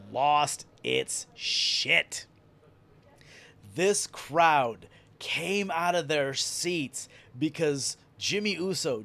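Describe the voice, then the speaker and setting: A male podcast host excitedly recapping a wrestling event in casual, profane storytelling. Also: fairly high pitch.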